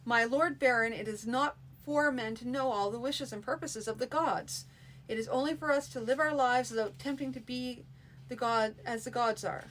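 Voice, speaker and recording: A woman's voice: a little high, normal speed, a bit bright, slight background noise, natural voice. A woman voicing a harsh, proud male priest in a fantasy story reading, righteous and unbending.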